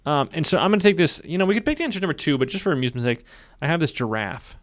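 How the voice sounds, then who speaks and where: A man teaching software in a screen-recorded tutorial, upbeat, narrating his clicks and often repeating phrases. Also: fairly high pitch, lively intonation, very fast, no echo, studio quality. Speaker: software instructor.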